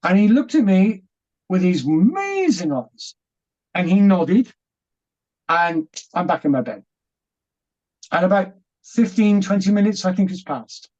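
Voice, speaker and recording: A British man telling his story as an interview guest, animated and laughing as he acts out what was said. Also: sits high, measured pace, pauses often, lo-fi sound.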